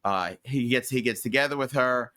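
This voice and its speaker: Bright-voiced man rambling through history. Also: medium pitch, moderate pace. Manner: rambling, opinionated, many fillers and restarts. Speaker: podcast host. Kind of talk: casual history podcast chat.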